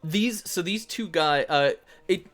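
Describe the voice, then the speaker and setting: Guy running a tabletop game, bright voice, stumbles and restarts a lot. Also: sits high, takes it slowly, faint music behind. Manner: rambling, many fillers and restarts. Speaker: game master.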